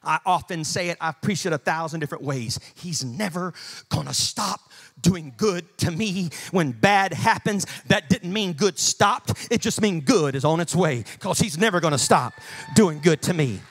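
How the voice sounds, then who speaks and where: A man preaching a sermon as pastor in a church, dropping to quiet asides and rising to shouts. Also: lively intonation, moderate pace. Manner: swings from low murmurs to shouted preaching.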